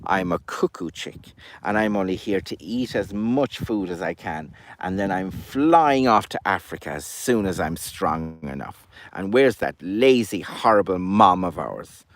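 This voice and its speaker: A man's voice: low-pitched, animated, a little slow, hardly any pauses. A man voicing a big, greedy, sly cuckoo chick who whines sweetly in a puppet story. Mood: sneering. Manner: whiny, sly.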